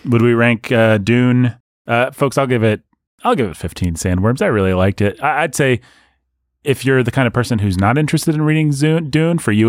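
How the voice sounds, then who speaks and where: A man hosting a podcast in casual chat, playful and quick with lists of names. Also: mid-range voice, no echo, clean studio sound. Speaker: podcast host.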